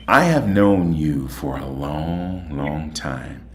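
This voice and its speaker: Male host, very low voice, folksy and chatty, a bit tired. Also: lively intonation, slow, hardly any pauses, a little hiss or hum. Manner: chatty, folksy, repeats "okay?". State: voice a little tired. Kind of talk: casual monologue and phone chat.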